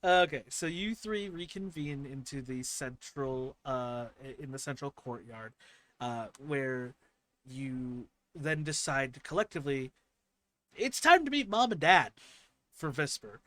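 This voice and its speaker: A man's voice: medium pitch, lively intonation, a little slow, pushed and bright. Game master man narrating a scene. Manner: descriptive, many fillers and restarts. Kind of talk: narrating a tabletop role-playing game.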